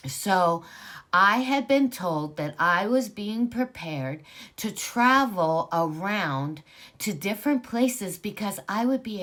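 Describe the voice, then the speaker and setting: A woman in her sixties casually telling her own spiritual story, rambling with many fillers and growing animated at times. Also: mid-range voice. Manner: rambling, filler-heavy, animated when excited.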